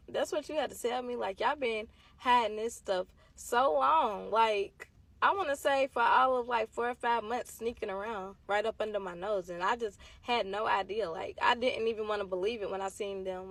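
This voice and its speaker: A young woman vlogger casually telling a dramatic personal story to her viewers, emphatic and lively. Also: medium pitch, creaky, dry recording. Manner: animated, emphatic, addresses viewers as y'all.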